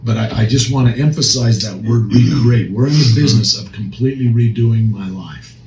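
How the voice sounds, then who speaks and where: A man's voice: mid-range voice, fairly quick, darkish tone. A man co-hosting a recovery podcast as a counselor, speaking earnestly and emphatically with frequent restarts. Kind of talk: casual discussion. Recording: echoey room, faint noise.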